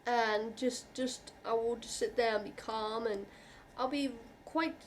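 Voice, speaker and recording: A woman vlogger talking to camera in an earnest, reassuring way, halting and restarting often as she speaks from the heart. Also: a little high, fairly even intonation, slight background noise. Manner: heartfelt, openly emotional. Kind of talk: personal talk to camera.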